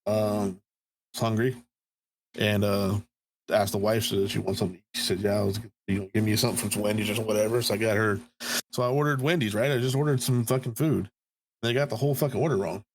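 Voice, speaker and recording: Low-voiced man, profane and heated. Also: fairly quick. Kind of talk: casual podcast chat.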